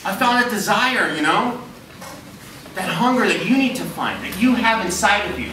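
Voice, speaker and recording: Man, motivational speaker at a school assembly, high-pitched and energetic, recorded from a distance in a noisy, very echoey hall. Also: moderate pace. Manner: energetic storytelling, asks the audience questions. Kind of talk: motivational talk to students.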